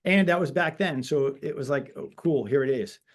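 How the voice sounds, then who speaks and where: In a webinar interview, a real estate broker in his forties tells animated stories and acts out the dialogue. His pitch is fairly high and he talks at a normal speed.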